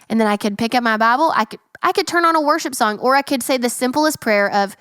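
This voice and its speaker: A woman's voice: on the high side, lively intonation, a little fast, fairly bright tone, clean tone, no room sound, clean studio sound. A young woman hosting a casual Christian talk, earnest and practical, dotting her talk with "like" and "right?". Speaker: faith podcast host.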